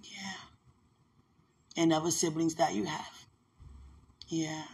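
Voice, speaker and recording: A young woman, talking affectionately and religiously to her partner and breaking into lively, laughing storytelling. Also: deep voice, slow, slightly rough. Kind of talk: casual emotional chat.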